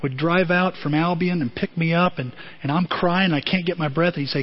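A man giving a lively motivational talk to a group, calling on listeners by name. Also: on the high side, a little fast, lo-fi sound. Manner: animated, addresses listeners by name.

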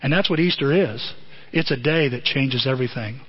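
A man's voice: mid-range voice, moderate pace, husky. A man preaching a sermon as pastor, telling the story with animation and acting out the lines of the people in it. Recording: dull lo-fi recording.

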